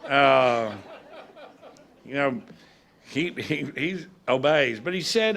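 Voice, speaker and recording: A man with a drawl and a gravelly edge to his voice, speaking at a graduation ceremony. He tells folksy, humorous stories at a middling pitch, like a judge at ease with a crowd. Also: animated, takes it slowly, a bit bright. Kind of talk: ceremony speech.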